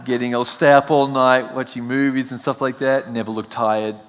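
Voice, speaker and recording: A man's voice: medium pitch, little pitch movement, moderate pace, a little hiss or hum. An Australian man giving a chatty, joking sermon as a guest preacher. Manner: chatty, self-joking, laughs often. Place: church sanctuary. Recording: long church hall reverb.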